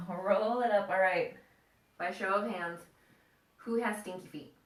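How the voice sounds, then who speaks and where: A woman's voice: mid-range voice, unhurried. A woman teaching a children's yoga class, playful and encouraging as she guides them through poses and breathing. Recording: echoey room, mic at a distance.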